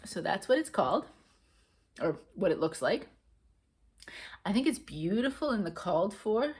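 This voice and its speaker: A woman's voice: medium pitch, sing-song, moderate pace, darkish tone, breathy edge. A woman casually chatting to camera in a rambling, grateful way, often laughing. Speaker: cross stitch vlogger.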